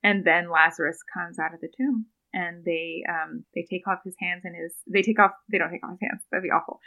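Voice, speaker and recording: A woman's voice: fairly low pitch, fairly even intonation, brisk, few pauses, pushed and bright, low-quality recording. A young woman, a doctoral student, talking earnestly in a podcast interview and retelling a scripture story, with frequent ums and small laughs. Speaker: podcast guest, doctoral student in biblical studies.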